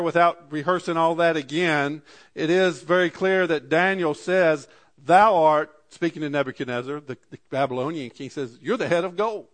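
A man preaching a sermon, reading scripture slowly and dropping his voice for asides. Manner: slows and rises for scripture readings, drops low for asides; archaic scripture readings, repeated "Amen". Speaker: pastor.

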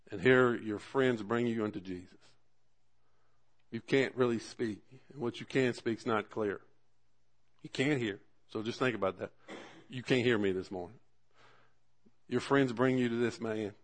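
A man preaching a sermon, talking through scripture in an earnest, conversational way, with swelling emphasis and drawn-out words at key moments. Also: mid-range voice. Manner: earnest, conversational asides to the congregation. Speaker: pastor.

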